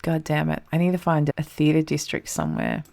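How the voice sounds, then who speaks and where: Young Australian woman, low gravelly voice, chatty frantic game commentator who swears under her breath. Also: very animated, fairly quick, darkish tone. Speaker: streamer playing a map game. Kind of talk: casual gameplay commentary.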